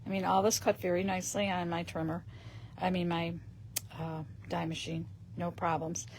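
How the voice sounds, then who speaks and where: A woman hosting a live stream, chatting casually as she shows paper craft pieces and often clears her throat. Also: on the low side, little pitch movement, moderate pace, a little mellow, a little hiss or hum.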